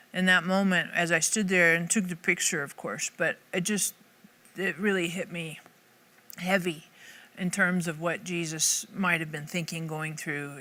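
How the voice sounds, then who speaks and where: A woman's voice: on the low side, bright, forceful tone. A woman Bible teacher giving a casual devotional talk to camera, earnest and conversational, thinking aloud as she goes.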